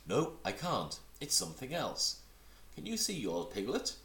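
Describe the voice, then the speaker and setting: A man doing a tiny, eager young kangaroo, all excited chatter, his voice jumping well above the reader's own low tone. It has a roomy echo around it, like a storybook being read aloud at home. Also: measured pace, creaky, full character voice. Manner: eager, chattering, high-pitched.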